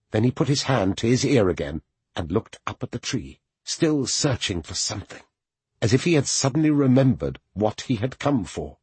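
A man reads a fantasy novel aloud with a low, very husky voice. His pitch moves a lot as he tells the story. The sound is dry and close. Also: no room sound. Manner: expressive storytelling. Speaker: narrator. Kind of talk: audiobook narration.

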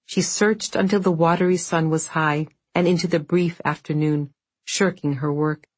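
A woman narrating an audiobook in a measured, steady storytelling manner. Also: sits low, slightly rough, no room sound.

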